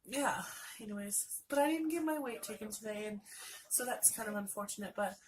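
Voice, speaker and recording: In a fairly quick, mid-range voice, this late-twenties vlogger rambles chattily through a story to camera, acting out others' words while congested with a sinus infection. The recording is low quality with slight background noise.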